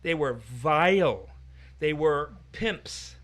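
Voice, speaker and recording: Man, Bible teacher, fairly high voice, argumentative and emphatic in discussion. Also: expressive, extremely slow, fairly bright tone.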